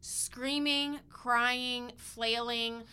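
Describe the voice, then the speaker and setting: A woman in her thirties co-hosting a podcast, chatty and rambling as she tells a story. Her voice is bright and forward, and she keeps restarting her sentences. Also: fairly high pitch, fairly even intonation, drawn-out words, clear, resonant tone. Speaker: podcast co-host. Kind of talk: casual chat.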